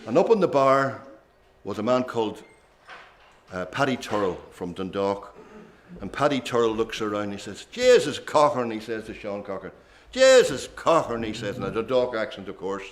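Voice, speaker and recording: A man's voice: on the low side, normal speed. An older man, telling rambling stories between songs at a traditional singing session. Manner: chatty, rambling reminiscence with asides. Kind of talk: relaxed storytelling at a singing session.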